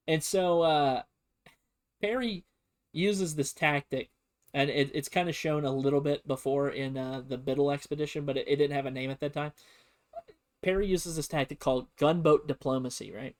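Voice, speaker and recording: A man's voice: a little high, normal speed. A man casually teaching history on a stream, rambling and joking with lots of fillers. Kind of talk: casual comedic history lesson.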